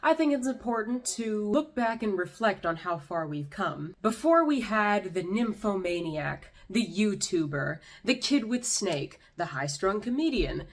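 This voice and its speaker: A woman's voice: medium pitch, sing-song, a little slow, hardly any pauses. A young woman hosting a commentary vlog, delivering an exasperated, sarcastic rant. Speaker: YouTube commentator.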